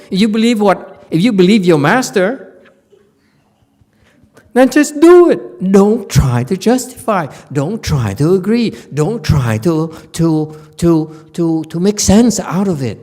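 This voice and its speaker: Blunt, fairly high-voiced male Buddhist teacher. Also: mellow. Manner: blunt, scolding, repeats himself for emphasis. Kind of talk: informal Dharma lecture. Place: meditation center hall.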